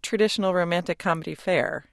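A radio interviewer narrating scripted introductions and asking questions with a crisp, wry delivery. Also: mid-range voice, fairly even intonation, fast, no room sound, studio quality.

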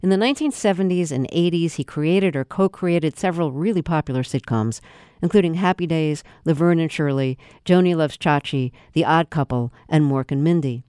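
Smooth, clear-voiced radio host. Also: medium pitch, moderate pace, darkish tone, no room sound, clean studio sound. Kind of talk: interview hosting, scripted introduction.

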